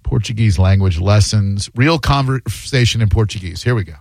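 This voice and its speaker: A man hosting a call-in radio talk show, casual and joking, talking in fast bursts. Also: fairly low pitch, darkish tone, dry recording, studio quality. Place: radio studio. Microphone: studio mic.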